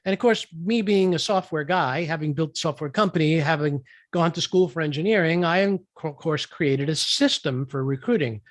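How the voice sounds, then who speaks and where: Guy w a fairly high voice spinning a business story, dry close sound. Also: moderate pace, few pauses, no echo. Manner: lively storyteller who acts out quoted dialogue. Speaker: guest entrepreneur. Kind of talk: storytelling in an interview.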